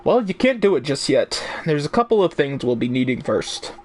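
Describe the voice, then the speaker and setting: A chatty little fairy man, as a streamer puts him on, in a hammy mock Irish accent that keeps drifting Australian. The voice sits fairly high and swings about playfully. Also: sing-song, normal speed, a little mellow, slight background noise. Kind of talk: reading game lines aloud on a stream.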